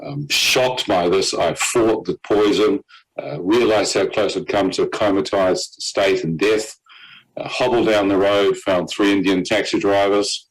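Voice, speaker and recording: Man, low-pitched, personal testimony, vivid storytelling, fillers, short laughs. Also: steady tone, a little slow, low-quality recording. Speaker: guest giving a testimony.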